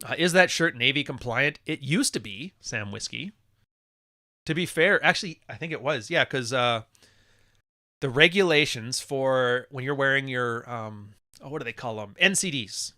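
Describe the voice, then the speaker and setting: Man, podcast host, casual livestream talk, blunt and profane, bright voice, dry sound. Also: medium pitch, normal speed, dry recording. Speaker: podcast host reading live chat.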